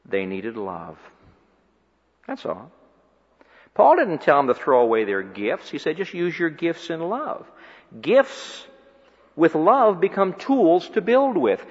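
A man preaching a sermon, swinging from loud emphatic peaks to quiet low asides. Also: huge pitch swings, takes it slowly, pauses often, husky. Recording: dull recording with long hall reverb.

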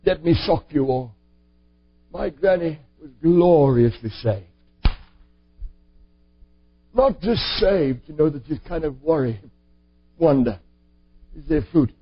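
High-pitched husky male preacher. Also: lively intonation, a little slow. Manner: earnest, emphatic. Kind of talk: sermon storytelling. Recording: dull lo-fi recording.

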